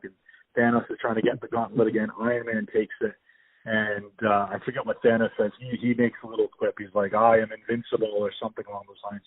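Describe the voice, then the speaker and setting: A man with a fairly low voice hosts a podcast over the phone, the line tinny but free of echo. His chat is casual and eager, full of rambling and restarts.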